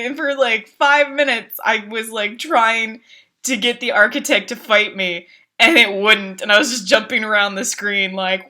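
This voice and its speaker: A woman streamer in casual chat, telling game stories with frequent laughs and swearing, acting out her own outbursts. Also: moderate pace. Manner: animated storytelling, laughs often, swears, acts out her own outbursts in a high voice.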